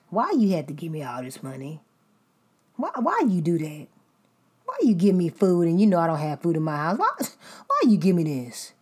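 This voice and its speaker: A woman voicing an ungrateful woman who whines and complains about a gift, in a loud, exasperated, husky voice. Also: fairly low pitch, very animated, normal speed, long pauses. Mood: whiny.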